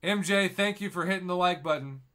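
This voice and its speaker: A man's voice: high-pitched, fairly quick. A man streaming a mobile game, chatting casually, laughing and reading viewers' comments aloud. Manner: excitable, laughing, reads chat aloud. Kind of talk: casual live-stream gaming chat.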